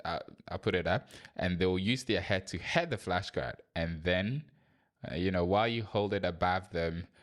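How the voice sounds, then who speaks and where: A man's voice: low voice, fairly bright tone. A man who trains kindergarten English teachers, walking through his lesson plan in a conversational way and sometimes acting out his classroom prompts. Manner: demonstrates classroom prompts with a raised, sing-song teacher voice; conversational, thinks aloud with small restarts.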